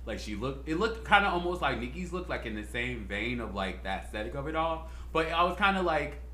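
A man co-hosting a podcast in casual chat, animated and slangy, leaning on "like" constantly. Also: mid-range voice, brisk. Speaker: podcast co-host. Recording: roomy echo.

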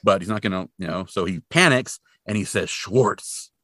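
A male podcast host with a lowish, very lively voice, retelling a film casually and acting out the characters. His tone is bright and forward, and the recording is dry and close. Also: fairly quick, no echo. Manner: animated storyteller, acts out characters, many fillers. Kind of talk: casual movie recap.

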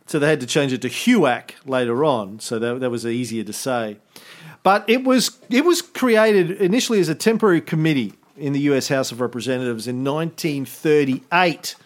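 A man's voice: medium pitch, lively intonation, moderate pace. A man co-hosting a history podcast, explaining events in a casual, rambling way with many fillers and self-corrections. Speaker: podcast co-host.

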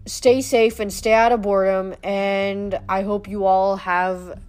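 A woman's voice: medium pitch, level tone, a little slow, a little mellow, clean tone, dry recording. Female reader, mid-range voice, reads a novel aloud, trips over words, faint music behind. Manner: often stumbles and restarts words.

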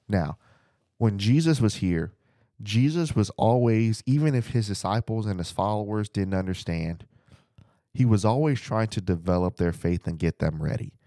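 A man's voice: on the low side, warm tone, dry recording, clean studio sound. A man teaching the Bible as a preacher, earnest and repeating phrases for emphasis, speaking to listeners at home.

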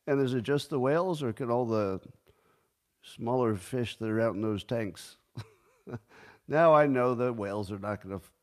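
An older man in his sixties talks through the day's news on his own show, casual and unhurried. His voice sits in an ordinary middle range. He jokes with a deadpan, sarcastic edge and now and then bursts into mock outrage. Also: mid-range voice. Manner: sarcastic, deadpan joking with sudden mock outbursts. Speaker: podcast host. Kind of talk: casual solo commentary.

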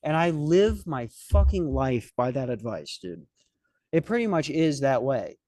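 A man's voice: medium pitch, sing-song, unhurried, warm tone, dry recording. A young man hosting a podcast, telling a comic story in a rambling, profane, self-mocking way. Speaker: podcast host. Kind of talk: comedic storytelling chat.

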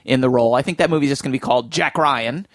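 A man's voice: mid-range voice, racing, no room sound. Chatty man with a dry close sound. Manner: chatty and enthusiastic, thinking aloud. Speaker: film podcast host. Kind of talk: casual film discussion.

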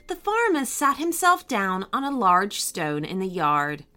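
Slow, lively woman storyteller. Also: medium pitch. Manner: warm, expressive reading aloud to kids. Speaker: storyteller host. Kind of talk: children's storybook narration.

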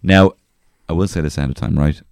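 A man co-hosting a comedy podcast, rambling and crude with halting restarts. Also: very deep voice, creaky, a little mellow, clear, resonant tone, no room sound, studio quality. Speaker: podcast co-host. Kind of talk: casual comedy chat.

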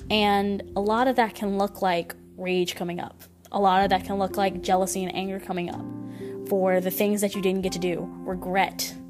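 Woman, podcast host, gentle and encouraging, mid pitch, music bed behind. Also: little pitch movement, moderate pace. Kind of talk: solo spiritual podcast talk. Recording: voice over clear background music. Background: instrumental music.

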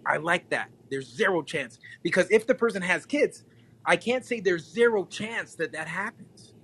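Animated man telling stories. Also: sits high, moderate pace, slight background noise, low-quality recording. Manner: animated, repeats himself, laughs often. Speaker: podcast guest. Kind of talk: casual storytelling chat.

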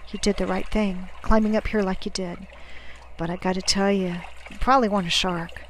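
A woman voicing a gruff but kindly older male sailor who coaxes and soothes, stammering now and then, in a storybook reading. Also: mid-range voice, fairly even intonation, a little fast, a little hiss or hum, close to an everyday voice, low-quality recording. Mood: reassuring.

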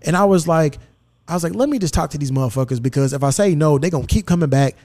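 A man's voice: on the high side, quick pace. A man hosting a podcast, telling a story in casual, profane chat and acting out the dialogue. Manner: profane, animated, acts out quoted dialogue. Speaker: podcast host. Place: podcast studio.

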